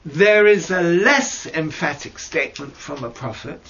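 A man teaching mystical texts in a slow lesson over a video call, hesitant and searching for words with fillers and restarts. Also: lively intonation, fairly bright tone. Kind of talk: slow explanatory lesson with many pauses. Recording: dull low-fi audio with faint noise.

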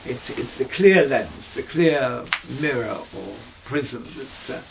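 A man teaching mystical texts in a slow lesson over a video call, hesitant and searching for words with fillers and restarts. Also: animated, vocal fry. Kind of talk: slow explanatory lesson with many pauses. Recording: dull low-fi audio with faint noise.

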